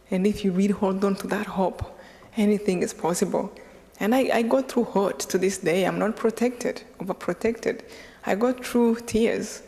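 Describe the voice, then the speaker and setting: A middle-aged Rwandan woman speaks to an audience, her accent clear and her delivery earnest and unhurried. She pauses and restarts as she gathers her thoughts, at an ordinary pitch for a woman. Her voice carries a long reverb from a large lecture hall. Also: darkish tone. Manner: earnest, slow and reflective with halting restarts. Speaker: guest speaker. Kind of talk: personal testimony talk.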